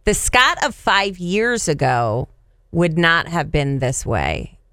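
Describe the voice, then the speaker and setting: Woman, lively swooping pitch, expressive and playful, dry close mic, casual chat. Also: slow, no echo. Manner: expressive, animated, playful teasing. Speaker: podcast co-host.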